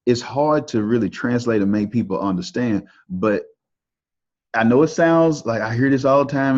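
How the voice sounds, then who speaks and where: A man's voice: medium pitch, normal speed, a little mellow. A man with a Texan accent hosting a podcast interview, talking in a loose, folksy, upbeat way with plenty of fillers. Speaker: podcast host. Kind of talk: casual interview talk. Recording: dull lo-fi audio.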